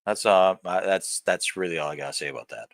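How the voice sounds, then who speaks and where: A man's voice: deep voice, a little fast, creaky, no room sound. A man in his thirties talking to camera in a blunt, profane vlog rant that rambles and restarts. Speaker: vlogger. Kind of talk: candid personal vlog rant.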